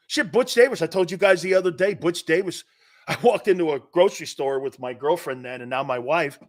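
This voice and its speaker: A middle-aged man hosting a sports talk show, telling stories bluntly and with a lot of energy. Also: a little fast. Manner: animated, blunt storytelling with swings in pitch and loudness.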